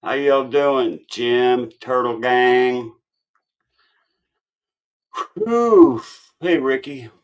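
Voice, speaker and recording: Man, online show host, slow pace, casual rambling chat, swears a lot, tired. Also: mid-range voice, animated. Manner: profane, rambling storytelling.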